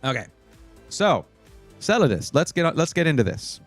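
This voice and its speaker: A man's voice: fairly high pitch, big pitch swings, moderate pace, faint music behind. A man hosting a casual livestream, chatting with viewers and giving computer buying advice in a rambling, playful way. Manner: chatty, rambling, restarts phrases, playful with chat. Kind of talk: casual livestream chat reading viewer comments.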